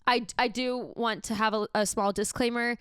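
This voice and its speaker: Young woman, podcast host, casual and giggly, smooth clear voice, dry close sound. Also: on the high side, steady tone, moderate pace, fairly bright tone, dry recording. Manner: emotional, giggly, gushing. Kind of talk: casual solo chat. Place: in her bed at home.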